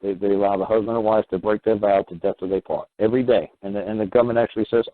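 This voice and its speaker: A man hosting a call-in radio show, talking in an animated, rambling way, acting out both sides of conversations and swearing now and then. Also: on the low side, racing, few pauses. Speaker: radio talk show host. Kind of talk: call-in radio advice talk. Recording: tinny phone-line sound.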